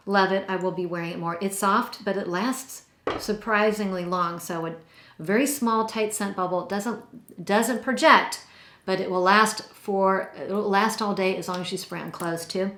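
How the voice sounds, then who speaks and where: A woman's voice: medium pitch, fairly even intonation, unhurried, fairly bright tone. A woman casually reviewing perfumes in a chatty, enthusiastic way, stretching out her descriptive words. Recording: roomy echo.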